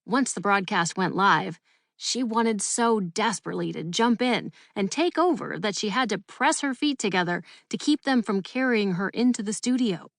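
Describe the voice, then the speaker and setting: A woman narrating a children's audiobook in a lively, expressive way. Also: medium pitch, normal speed, gravelly, dry recording, studio quality. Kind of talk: scripted storybook narration.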